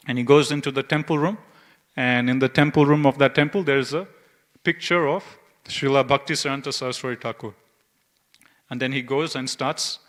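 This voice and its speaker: A man leads a scripture class in a temple, telling a devotional story. His voice is bright and sits at a middle pitch. He slips into the characters' lines as he quotes them. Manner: narrates an anecdote with lively quoted dialogue. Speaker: speaker giving a class.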